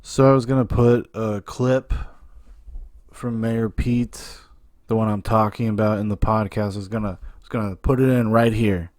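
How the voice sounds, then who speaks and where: A man's voice: on the low side, steady tone, normal speed, darkish tone, no room sound. Rambling, profane male podcast host. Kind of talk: casual film-review chat.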